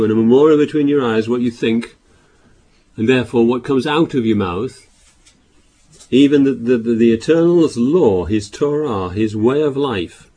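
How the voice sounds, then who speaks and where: A man preaching a sermon, reading scripture aloud louder and explaining it with halting restarts and repeated words. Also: mid-range voice, breathy edge.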